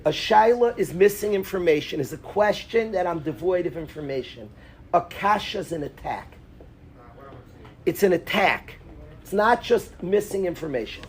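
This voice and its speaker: A man teaching a lively Talmud class in a synagogue, quizzing his students by name and mixing in Hebrew and Yiddish terms. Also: high voice, moderate pace, a little hiss or hum.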